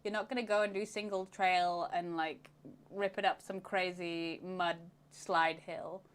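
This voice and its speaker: A woman's voice: on the low side, fairly even intonation, unhurried, clean tone. Young woman on a livestream, bubbly, laughs a lot while chatting. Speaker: co-host of motorcycle channel. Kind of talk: casual livestream chat.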